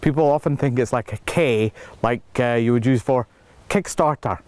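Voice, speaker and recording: A man's voice: mid-range voice, a little mellow, clear, resonant tone, dry recording. Chatty man reading names outdoors. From South Africa. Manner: halting, reading names slowly with many fillers. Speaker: filmmaker thanking backers. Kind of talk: casual video update. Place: outdoors in cold woods.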